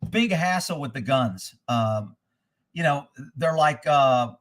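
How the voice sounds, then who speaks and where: Hosting a casual livestream, a man reads comments aloud and tells rambling, profane stories, laughing a lot along the way. His mid-range voice is expressive and slow.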